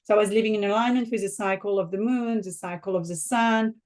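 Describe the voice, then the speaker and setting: A woman in her forties from the south of France with a French accent, answering interview questions as a podcast guest in a measured, reflective way. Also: medium pitch, fairly even intonation, darkish tone.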